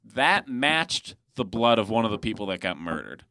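A man with a lowish voice that swings widely up and down as he spins a story and jumps into other people's lines. His tone is bright and sharp, and the sound is close and dry with no room around it. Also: moderate pace, no room sound. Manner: animated storyteller who acts out quoted lines; swears casually. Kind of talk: casual chat.

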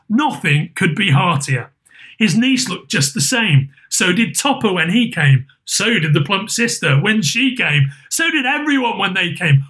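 Male reader for a classic tale, slightly higher voice, expressive delivery. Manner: expressive, varied pacing. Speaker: narrator. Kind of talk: dramatic storybook reading.

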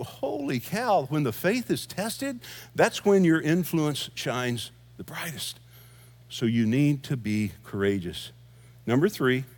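A middle-aged man, a senior pastor preaching a sermon in a conversational storytelling way, with asides and easy laughs. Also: mid-range voice.

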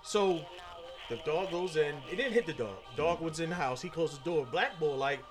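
A man telling a profane, animated story to friends, acting out the voices of people in it. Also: a little high, a little fast, soft background music. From Philadelphia. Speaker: storyteller guest. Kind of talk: casual storytelling among friends.

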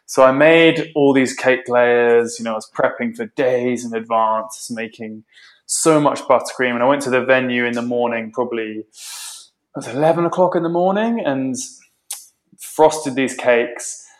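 A man chats as a podcast guest, telling his story with animated, emotional energy. His voice sits at an ordinary middle pitch and stays casual throughout. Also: a little slow, roomy sound. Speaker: guest baker.

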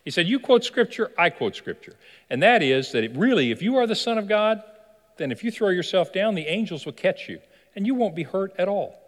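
A man's voice: high-pitched, lively intonation, brisk. A man preaching a sermon as pastor, telling a story animatedly and asking the listeners questions. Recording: long hall reverb.

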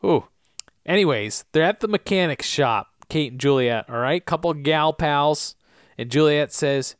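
A male podcast co-host recaps an episode in a chatty, casual way. His pitch moves a lot, and he sinks into a quieter, lower tone when he reads quotes. The sound is dry and close to the mic. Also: expressive, moderate pace, clean tone, dry recording. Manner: reads out quotes in a low, hushed voice, laughs often.

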